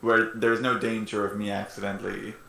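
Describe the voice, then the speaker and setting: A man's voice: fairly low pitch, little pitch movement, a little fast, vocal fry, bright, forceful tone. A man playing a tabletop game, asking laid-back questions and calling his shots. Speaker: player. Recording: roomy echo, faint noise.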